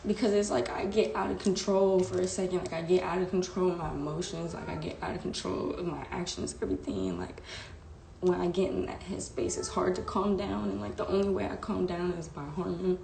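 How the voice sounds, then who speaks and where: Gravelly, low-voiced young woman. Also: steady tone, fairly quick, mellow. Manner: candid and emotional, heavy use of "like" and "bro". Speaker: live-stream host. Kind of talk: casual storytelling to viewers. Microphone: phone live stream. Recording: echoey room with faint background hiss.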